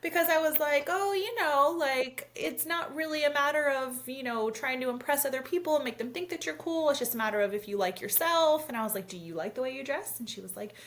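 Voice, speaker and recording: A woman's voice: sits high, brisk, few pauses. A woman in her thirties co-hosting a casual podcast, telling a story with lots of acted-out quotes and frequent swearing. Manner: animated storytelling, acting out quotes, swears freely. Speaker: podcast co-host. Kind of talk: casual chat.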